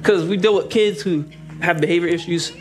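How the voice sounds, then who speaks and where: A young man preaching a sermon as an assistant pastor, lively and joking, speeding up for asides and slowing down for emphasis. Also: high-pitched, over music. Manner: lively, joking, shifts between fast asides and slow emphatic lines.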